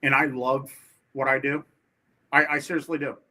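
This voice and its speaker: A man's voice: medium pitch, level tone, normal speed, sharp tone. A man who is a guest on a podcast, talking eagerly with a lot of stumbling restarts and acting out phone calls with clients. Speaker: podcast guest, sales rep. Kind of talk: casual chat.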